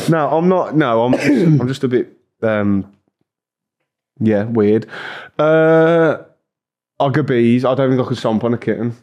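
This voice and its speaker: A young man talking as a podcast guest in loose, casual chat. He is crude and joking and breaks into laughter often. His voice sits at an ordinary middle pitch. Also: measured pace, long pauses, a little mellow.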